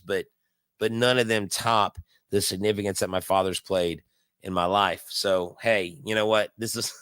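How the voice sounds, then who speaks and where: A man's voice: lowish voice, a bit bright, clear, resonant tone, no echo. Chatty man streaming live. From Houston, Texas. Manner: storytelling, chatty, with filler words and restarts. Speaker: livestream host. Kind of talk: casual live watch-along chat.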